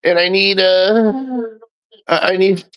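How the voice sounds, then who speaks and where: A man's voice: high voice, level tone, takes it slowly, clean tone, no room sound, highs cut off, pitched above the performer's own voice. A man putting on the voice of a whiny woman begging viewers for help, mocking and overdone. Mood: pleading. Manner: mocking, exaggerated pleading.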